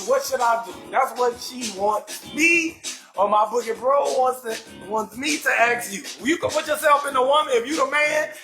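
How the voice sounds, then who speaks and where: Comedic talk host, male, New Orleans accent, very high bright voice, shouty and animated, in an echoey room with music. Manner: loud, animated, often shouting, profane. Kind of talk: live comedy talk show, reading viewer comments.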